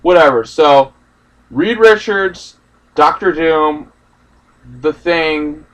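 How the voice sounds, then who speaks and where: A man's voice: a little high, normal speed, fairly bright tone, distant mic, low-quality recording. A young man ranting in a casual, profane, rambling way about a film he just saw. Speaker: movie reaction host. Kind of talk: casual ranting movie discussion.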